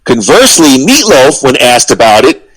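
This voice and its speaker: New guy cohosting a music podcast, chatty, lots of ums, middle pitch. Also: sing-song, normal speed, fairly bright tone, breathy edge, poor audio. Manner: conversational, hesitant with fillers, reads quotes in a mock pompous voice. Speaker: podcast co-host. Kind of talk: casual music podcast chat, reading quotes aloud.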